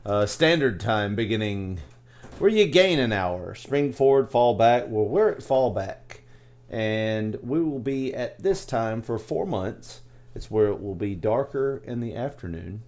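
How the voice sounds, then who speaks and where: A man co-hosting a podcast in casual chat, joking around and quick to laugh. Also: on the low side, lively intonation, a little mellow. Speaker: podcast co-host.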